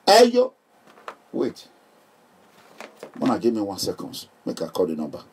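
With a lowish, husky voice and a measured pace, this middle-aged Nigerian man vlogs, chatting casually and joking with viewers. Animated and quick to laugh, he is recorded distant from the mic.

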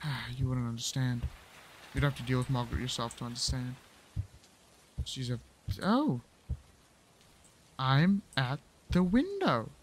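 A man's voice: mid-range voice, animated, measured pace, pauses often, a little hiss or hum. A man giving crude, profane and joking commentary as he plays through a horror game, talking to himself with silly mocking asides. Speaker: gaming channel host.

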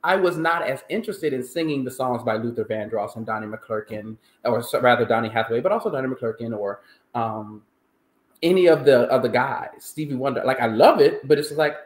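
A man speaking in a middle-pitched voice, animated and emphatic as he tells his story in an interview. His voice rings in a roomy, echoey space. He talks like a singer looking back on his training. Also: brisk. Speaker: countertenor singer, interview guest. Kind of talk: conversational interview. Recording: roomy echo.

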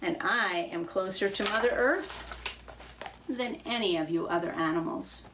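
A woman's voice: mid-range voice, measured pace, far from the mic, background noise, close to an everyday voice. Fable snake, bragging and superior, read by a woman. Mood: boastful. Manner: boastful. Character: boastful snake.

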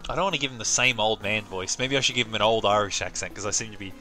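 A man's voice: lowish voice, very fast, bright, forceful tone. A man from Australia streaming a video game, talking in an offhand, self-mocking way with casual swearing, over faint game music. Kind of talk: casual live-stream commentary.

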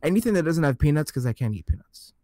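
A man's voice: fairly high pitch, big pitch swings, fast, dark tone. A man co-hosting a podcast in casual chat, often hesitating and searching for words. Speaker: podcast co-host. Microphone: own microphone.

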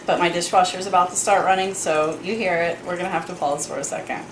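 A woman's voice: fairly low pitch, fairly even intonation, fast talker, echoey room, noisy background. A woman making cocktails in her home kitchen, chatty and playful with little asides. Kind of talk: casual kitchen demo chat.

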